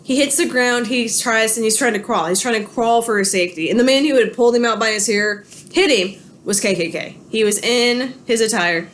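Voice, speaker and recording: Recording an online history lecture at home with her pets, a woman tells the story loosely and conversationally, correcting herself along the way. Her voice is on the high side with a fairly bright tone, and she speaks briskly with hardly any pauses over a little hiss or hum.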